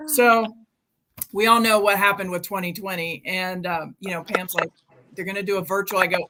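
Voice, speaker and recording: A woman's voice: medium pitch, fairly even intonation, moderate pace. Chatty woman in her fifties, noisy line. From United States. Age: 50s. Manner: chatty, many ums, quotes herself. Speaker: charity marathon runner guest. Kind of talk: casual storytelling on a live video chat.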